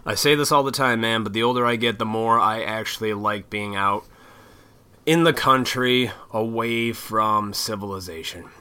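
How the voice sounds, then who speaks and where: A man's voice: lowish voice, moderate pace, pushed and bright, clear, resonant tone. A young adult man hosting his own vlog, rambling casually with lots of fillers and easy swearing. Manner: laid-back, swears casually, frequent fillers. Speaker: vlog host.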